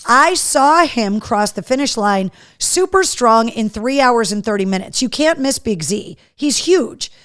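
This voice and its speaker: A woman's voice: on the high side, animated, a little slow, hardly any pauses, a bit bright, dry recording. A woman hosting a live show in casual chat, talking easily and reading viewer comments aloud. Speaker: host.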